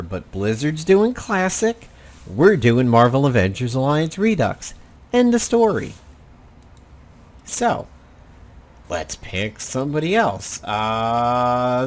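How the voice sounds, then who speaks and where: Slow-talking blunt gaming commentator man. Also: medium pitch. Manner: rambling, blunt and profane. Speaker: gaming channel host. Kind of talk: casual gameplay commentary.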